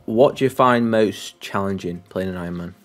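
A man's voice: low voice, normal speed, soft background music. A man co-hosting a casual quiz show, teasing and swearing in disbelief. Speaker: co-host. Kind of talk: casual game-show banter.

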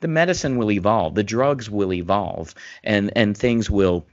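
Deep-voiced man rambling on a podcast. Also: measured pace, no room sound. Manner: rambling, restarts, grows animated and emphatic. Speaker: podcast co-host, former physician. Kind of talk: casual podcast conversation. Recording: dull dry remote mic sound.

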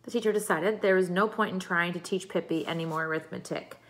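A woman teacher reading a chapter book aloud to her class, expressive and engaging. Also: lowish voice, fast talker.

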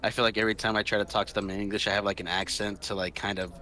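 A man's voice: on the low side, flat delivery, racing, sharp tone, slight background noise. A young man from Texas chatting casually while gaming, hesitant and sheepish.

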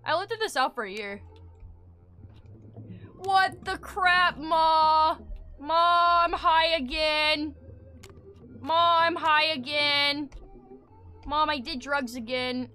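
A woman putting on a whiny, bratty southern kid boy who nags his mom loudly, as a comedic voice while streaming a game. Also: sits high, takes it slowly, long pauses, soft background music, pitched above the performer's own voice, exaggerated voice. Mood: dazed wailing. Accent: Southern US, put on. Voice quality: whiny, loud and demanding.

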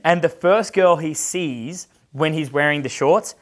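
A dating coach tells casual stories in a brash, profane way, laughing a lot and acting out the voices of the people involved. His voice is a little high and a little slow.

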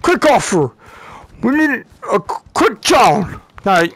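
A man role-playing loudly while gaming in VR, shouting names and calls in a dramatic way. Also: high-pitched, very animated, slow, low-quality recording. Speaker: gamer playing Dutch in VR role-play. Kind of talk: excited gaming chat.

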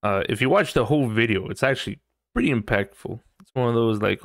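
A man's voice: fairly low pitch, quick pace, vocal fry, no echo, clean studio sound. A man hosting a casual solo podcast, rambling, swearing freely and laughing often. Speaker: podcast host.

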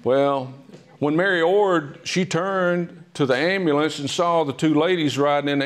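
A man giving an author talk in a library, telling history stories in a chatty, humorous way with many pauses and "uh"s. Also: a little high. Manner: chatty, humorous, with frequent "uh" fillers. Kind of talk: casual storytelling talk. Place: public library meeting room.

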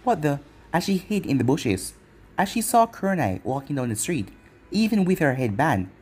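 A man narrating a fan-made anime story in a plain, brisk storytelling manner. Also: a little high, sing-song, a little mellow, breathy edge. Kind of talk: story reading.

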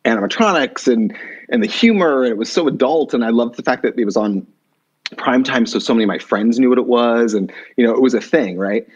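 A man telling a long personal story as a podcast guest, lively and quick to jump into other people's voices. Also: slightly rough. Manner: animated, jumps pitch when quoting people. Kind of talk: conversational storytelling. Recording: muffled low-fidelity remote audio.

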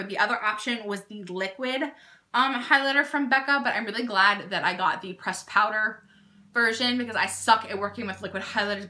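A young woman in a casual beauty unboxing vlog, gushing and excitable as she talks to her viewers. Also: on the high side. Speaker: beauty YouTuber.

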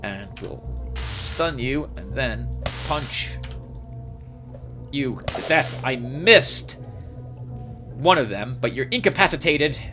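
A man hosting a let's play, chatting casually and rambling excitedly as he plays, laughing often. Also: medium pitch, slow, pauses often, over music. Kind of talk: casual gameplay commentary.

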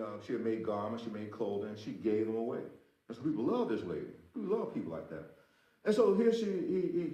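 A man's voice: mid-range voice, dark tone. A man preaching a sermon as pastor, emphatic, repeating his phrases and speaking straight to the congregation. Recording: roomy echo.

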